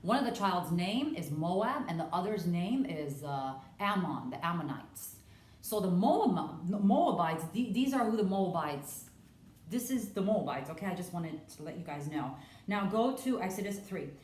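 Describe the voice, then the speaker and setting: A woman's voice: lowish voice, animated, unhurried, a little mellow, echoey room. A woman giving a casual Bible study talk, earnestly explaining scripture and acting out the dialogue as she goes. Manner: earnest, conversational, stumbles and restarts, acts out dialogue. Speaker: Bible teacher.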